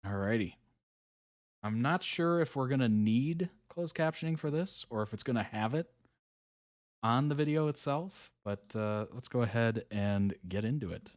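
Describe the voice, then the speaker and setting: A man's voice: mid-range voice, normal speed. A man hosting a live reaction video, reading on-screen text aloud and chatting casually about it.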